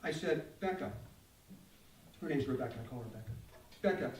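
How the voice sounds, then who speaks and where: An older man giving a joking, animated guitar demonstration talk, speaking directly to a live audience. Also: mid-range voice, rapid-fire, a little hiss or hum. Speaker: guitar clinician. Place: store event room with audience. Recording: roomy, distant mic.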